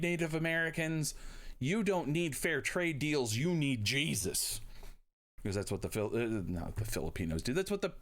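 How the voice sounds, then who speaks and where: A man teaching history in a casual video lecture, blunt and irreverent, talking loosely with lots of fillers and asides. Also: mid-range voice.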